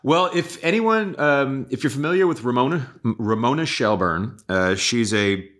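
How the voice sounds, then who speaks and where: A man's voice: medium pitch, animated, normal speed, fairly bright tone. A man, an actor, chatting casually as a podcast guest, joking and laughing easily. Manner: laughs often, self-deprecating asides.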